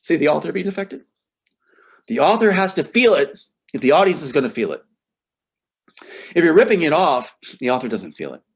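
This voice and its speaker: This man's voice is fairly high, sing-song, fairly quick and gravelly, with a breathy edge and frequent pauses. Being interviewed about his screenplay, he talks with passion and emotion, sometimes reading scenes from the script and getting choked up. When indignant, his voice shoots up sharply.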